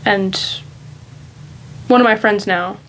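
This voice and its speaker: A woman's voice: mid-range voice, takes it slowly, fairly bright tone, slight background noise, rough recording. A woman vlogger talking casually and candidly in a rambling, reflective monologue.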